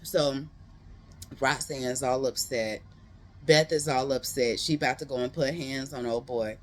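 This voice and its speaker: Speaking close to the mic at a medium pitch and measured pace, a book reviewer retells a novel's plot casually and animatedly, peppering it with slangy asides to viewers.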